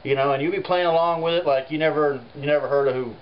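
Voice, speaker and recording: A folk artist, rambling through a comic monologue full of "you know.". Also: male voice, on the high side, steady tone, quick pace. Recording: muffled home recording with faint hiss.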